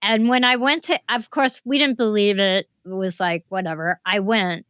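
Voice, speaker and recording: A woman in her seventies, a talk show guest, answering questions in a thoughtful, measured storytelling way. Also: mid-range voice, fairly even intonation, fairly bright tone, clean tone, no echo, clean studio sound. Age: 70s. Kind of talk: interview conversation.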